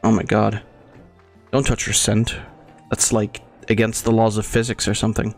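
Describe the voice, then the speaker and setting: A man's voice: fairly low pitch, monotone, moderate pace, vocal fry, soft background music. A young man hosting his gaming channel, rambling through casual, crude and profane commentary as he plays.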